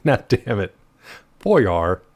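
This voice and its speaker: Animated male streamer, lively swooping voice. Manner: animated, playful, jumps between high and low pitch. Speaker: livestream host. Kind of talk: casual chat while gaming.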